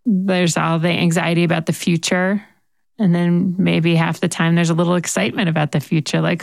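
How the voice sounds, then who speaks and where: A woman's voice: lowish voice, level tone, a little fast, gravelly, a little mellow, dry recording, studio quality. A woman interviewing a guest, thoughtful and empathetic as she reflects on what the guest shares. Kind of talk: conversational interview.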